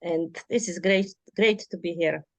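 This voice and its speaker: A woman with a Polish accent, a native Polish speaker, sharing course feedback in halting, shy English. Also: fairly low pitch, no room sound, lo-fi sound. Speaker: course participant.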